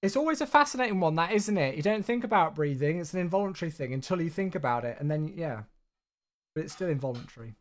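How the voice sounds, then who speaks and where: Streaming a flight sim, a man talks to viewers casually and with eager, effusive energy, yet there's tiredness in his voice. He speaks quickly, with a pitch on the high side.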